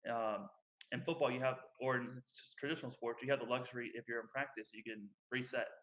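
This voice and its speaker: A young man talks casually on a podcast, circling his point with plenty of ums and restarts. His voice sits at an ordinary mid pitch. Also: steady tone, fast talker, fairly bright tone. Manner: rambling, many fillers and restarts. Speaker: podcast co-host. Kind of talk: casual chat.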